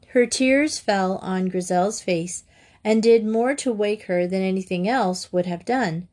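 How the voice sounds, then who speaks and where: Woman audiobook narrator, unhurried pace, mid-range voice, measured storytelling. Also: mid-range voice, darkish tone. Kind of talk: audiobook reading of a classic novel.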